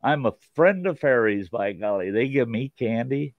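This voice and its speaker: A man's voice: mid-range voice, expressive, moderate pace, dry recording. A man hosting a show, telling a childhood story in a folksy, casual way with frequent laughs. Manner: folksy, laughs often, mild cursing. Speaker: host and storyteller. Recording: dull, lo-fi sound.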